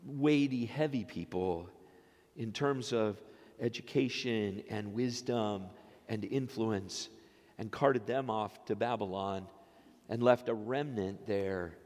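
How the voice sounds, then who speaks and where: Man in his fifties preaching in a reverberant sanctuary. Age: 50s. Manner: swings from quiet low phrases to loud, rising exclamations. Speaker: pastor. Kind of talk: sermon. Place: church sanctuary. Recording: long reverb of a church sanctuary.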